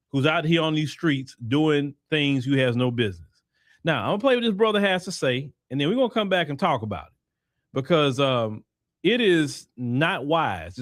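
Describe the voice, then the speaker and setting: A man's voice: on the high side, no echo, clean studio sound. A man with a Texan accent hosting a commentary monologue, emphatic and preachy, mocking the voices he quotes. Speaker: host.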